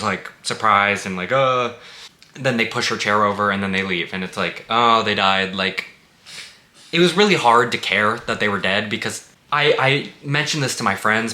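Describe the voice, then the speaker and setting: Sarcastic man with a bright, cutting voice. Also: fairly low pitch. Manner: blunt, sarcastic, swears freely. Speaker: movie reviewer. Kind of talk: casual spoken review. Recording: echoey room.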